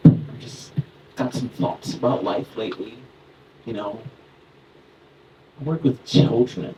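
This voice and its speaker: A man's voice: medium pitch, unhurried, dark tone. A man in his thirties doing a stand-up comedy set, chatty and loose, laughing into his lines and talking with the crowd. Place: comedy club stage. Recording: distant mic in a noisy club.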